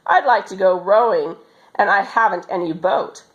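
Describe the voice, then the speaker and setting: A woman's voice: medium pitch, normal speed, dull audio, natural voice. A woman voicing a mocking, strong older boy who bullies, speaking in a taunting, sneering way in a storybook reading.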